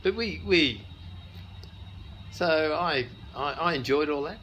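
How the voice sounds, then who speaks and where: An older Australian man in an interview, telling stories in a relaxed, anecdotal way. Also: a little high, takes it slowly, a little hiss or hum, rough recording. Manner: anecdotal, many restarts and chuckles. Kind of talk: casual storytelling.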